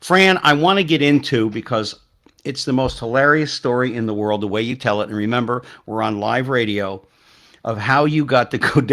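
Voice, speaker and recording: A man's voice: medium pitch, a bit bright. A man hosting a live radio show, introducing his guest in an upbeat way and asking her to tell a story. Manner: upbeat introductions, with short listening murmurs. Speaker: radio host.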